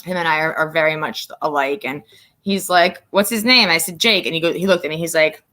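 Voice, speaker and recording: A woman's voice: deep voice, steady tone, fairly quick, a bit bright. A middle-aged woman from the northern US hosting a casual livestream chat, rambling with lots of fillers. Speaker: livestream host.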